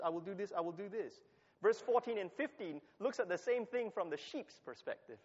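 Preacher man in an echoing hall. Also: fairly high pitch. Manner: emphatic, repeats key phrases for stress. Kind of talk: sermon with scripture reading. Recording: long hall reverb, dull lo-fi sound.

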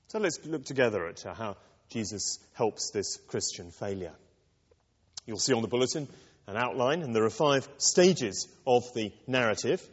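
A man preaching a sermon to a congregation, expressive and acting out quoted lines. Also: mid-range voice. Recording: dull reverberant hall.

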